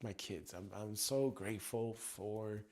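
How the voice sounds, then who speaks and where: A man, a tapping coach, talking through his anger in a raw, profane personal monologue that swings from ranting to quiet reflection. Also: on the low side, a little slow.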